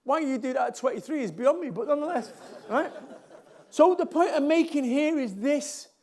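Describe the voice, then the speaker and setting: A man's voice: very high-pitched, animated, moderate pace, a little mellow. A middle-aged man with a Mancunian accent, giving a blunt, jokey motivational talk to a live audience and repeating lines for emphasis. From Salford, England. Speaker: motivational speaker.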